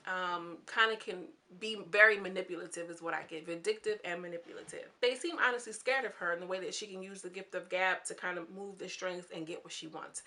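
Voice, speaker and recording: A young woman casually recapping a reality show, chatty and candid, often acting out what the people said. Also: bright, forceful tone. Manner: chatty and candid, acting out quoted lines with swings in pitch.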